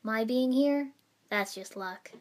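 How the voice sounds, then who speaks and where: A woman's voice: fairly high pitch, slow pace, a little mellow. Woman doing a young male ninja teacher, kind, patient, friendly, storybook reading. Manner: friendly, explaining.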